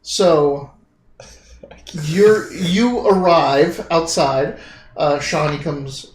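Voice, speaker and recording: A man's voice: on the high side, very slow, slight background noise. A man from the American South running a tabletop game stream, talking in a chatty, rambling way with lots of fillers. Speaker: game master. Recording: echoey room.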